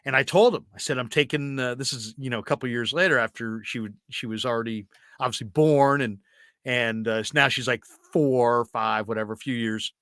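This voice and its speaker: Bright, animated sports talk host man. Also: mid-range voice, a little fast, dry recording, clean studio sound. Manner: animated, self-interrupting storyteller.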